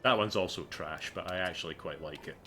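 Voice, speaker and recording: A man's voice: sits low, brisk, pushed and bright, faint music behind. A man streaming a video game, chatting casually with sarcastic jokes and swearing. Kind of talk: casual gameplay commentary.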